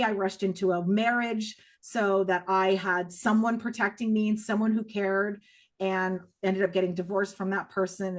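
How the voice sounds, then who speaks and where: Raw, emotional middle-aged woman. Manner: raw, emotional delivery, swinging from low and hushed to high and loud; blunt, with strong profanity. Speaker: podcast guest. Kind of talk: emotional personal testimony.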